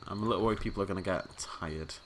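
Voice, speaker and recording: A man's voice: sits low, rapid-fire, slight background noise. A man hosting a video game let's play, giving casual, playful commentary and chatting to the characters on screen.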